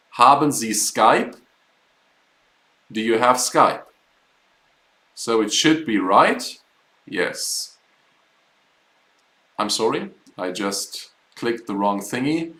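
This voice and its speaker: A man's voice: medium pitch, fairly bright tone, roomy sound, rough recording. A man teaching a live online German class, explaining words patiently step by step.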